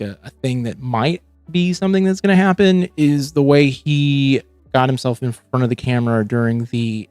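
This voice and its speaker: Hosting a livestream, a man rambles through casual reactions, cursing freely and frequently starting over. His middling voice sounds close and dry with no echo, and faint music plays underneath.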